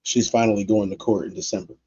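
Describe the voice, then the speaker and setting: A man's voice: on the low side, steady tone, fast, warm tone, breathy edge, no room sound, dull audio. A man hosting a livestream, chatting loosely and speaking straight to his viewers. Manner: loose, talks straight to chat, lots of fillers. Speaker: livestream host. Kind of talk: casual livestream chat.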